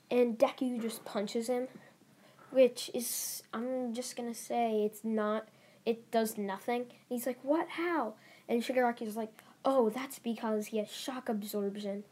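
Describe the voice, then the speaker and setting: A woman's voice: fairly high pitch, mellow, a little hiss or hum. A young woman narrating a fan story in a casual, rambling way, giggling and restarting often. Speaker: channel host.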